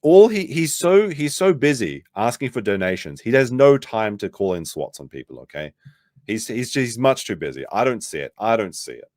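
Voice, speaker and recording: A man's voice: on the low side, sing-song, moderate pace, a little mellow, no room sound, clean studio sound. A young man giving a swearing, incredulous livestream commentary, his voice jumping up when he is outraged. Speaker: commentary streamer.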